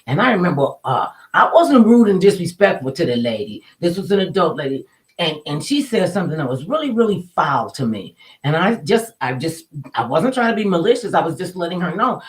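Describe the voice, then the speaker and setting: An animated woman telling a story from her own life in casual, colloquial talk. She acts out the voices of the people she quotes. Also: sits low, fairly quick, poor audio.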